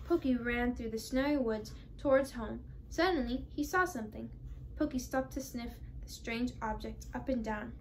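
A woman's voice: on the high side, moderate pace, slight background noise. Teenage girl reading a storybook. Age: teens. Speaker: storybook reader. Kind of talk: children's read-aloud.

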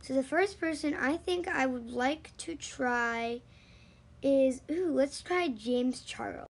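A woman's voice: sits high, slow, poor audio. A female vlogger chatting casually to camera in a giggly, self-conscious way as she tries out a voice app.

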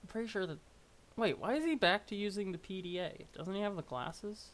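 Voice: medium pitch, a little fast, a little hiss or hum. A streamer chatting casually and rambling while reading through a webcomic on a live stream. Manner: rambling, self-deprecating, chatty.

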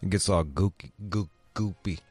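A man hosting a show, talking in a casual, profane way that rises into loud outrage. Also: deep voice, a little slow, slightly rough, dry recording, soft background music. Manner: animated, swearing, rising into loud outrage. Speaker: show host.

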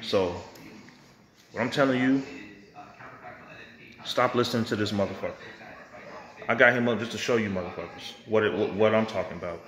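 A man's voice: lowish voice, moderate pace, long pauses, fairly bright tone. A man ranting hotly to camera as a vlogger, profane and confrontational, now and then mocking others in put-on voices. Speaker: vlogger and music producer.

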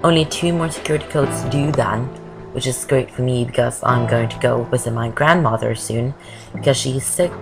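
A woman's voice: rumbling low, moderate pace, low-quality recording. A woman giving casual, rambling commentary over a video game walkthrough, often wandering off topic. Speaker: gameplay commentator. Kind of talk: casual Let's Play commentary. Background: game music.

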